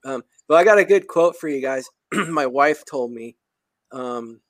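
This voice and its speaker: A man hosting a podcast, talking in a casual, emphatic and excitable way with slang. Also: mid-range voice, unhurried, dry recording. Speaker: podcast host.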